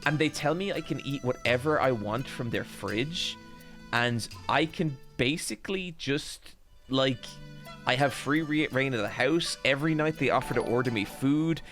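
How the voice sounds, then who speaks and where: A man's voice: medium pitch, normal speed, a bit bright, soft background music. A man hosting a stream, casually telling a rambling, self-deprecating story while tired after a very long session. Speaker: streamer and podcast host.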